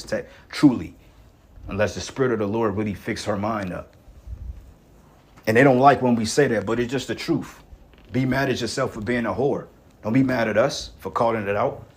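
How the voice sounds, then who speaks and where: A man preaching in a blunt, rough-talking, profane rant. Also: lowish voice, fairly even intonation, a little fast. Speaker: online preacher.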